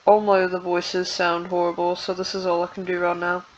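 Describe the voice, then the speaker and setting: A woman's voice: lowish voice, monotone, fairly quick, highs cut off, slight background noise. A woman talking casually into her laptop at home, rambling and hesitant and running herself down. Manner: rambling, hesitant, self-deprecating. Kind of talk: casual vlog talk.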